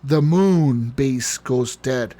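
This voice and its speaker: A man's voice: a little high, moderate pace. A man co-hosting a podcast, telling a long story in casual chat, rambling and profane, often laughing. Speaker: podcast co-host.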